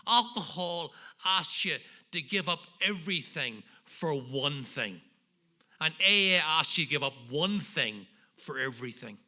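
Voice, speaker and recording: A man's voice: on the high side, sharp tone. A man with a Northern Irish accent, telling his recovery story at a meeting in a wry, self-deprecating way, landing jokes for the audience. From Northern Ireland. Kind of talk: humorous personal recovery talk.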